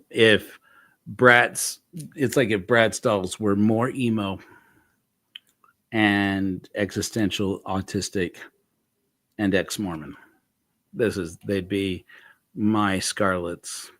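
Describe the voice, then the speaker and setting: A man's voice: fairly low pitch, takes it slowly, long pauses, no echo. Rambling man hosting a casual chat. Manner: rambling, self-correcting, animated storytelling. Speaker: host.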